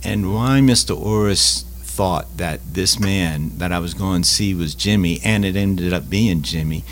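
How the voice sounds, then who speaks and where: Low voiced guy, stumbles and repeats himself a lot, tells stories, bit of hum behind. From Louisiana. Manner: halting, repeats words, many fillers. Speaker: Catholic food ministry leader. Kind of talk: casual interview storytelling.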